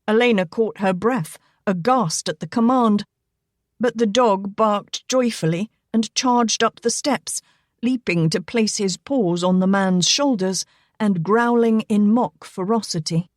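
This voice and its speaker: A woman narrating a romance novel in a steady, even storytelling read. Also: mid-range voice, no room sound, clean studio sound. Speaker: audiobook narrator.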